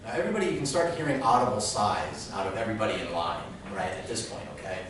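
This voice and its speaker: A man telling a comic story live, animated and acting out the other people's lines. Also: fast talker. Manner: animated, acts out voices in quotes. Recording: very echoey room, mic at a distance, rumbling noise.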